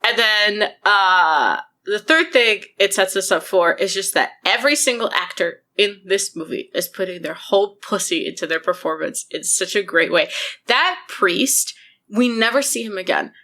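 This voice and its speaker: A woman co-hosts a casual podcast chat, animated and quick to swear and laugh. Her voice has a bright, forceful edge. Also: mid-range voice. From Buffalo, New York. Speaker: podcast co-host.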